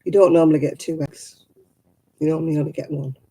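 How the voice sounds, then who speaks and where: Husky older woman. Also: low voice, steady tone, fast talker, mellow, low-quality recording. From England. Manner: rambling, chatty, explains local customs. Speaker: livestream host. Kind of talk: casual chat with viewers.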